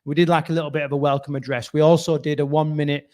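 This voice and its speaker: A man's voice: fairly high pitch, little pitch movement, fast talker, darkish tone. A man co-hosting a rugby podcast, talking casually, rambling and swearing with frequent laughs. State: hoarse. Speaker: podcast co-host. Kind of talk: casual chat.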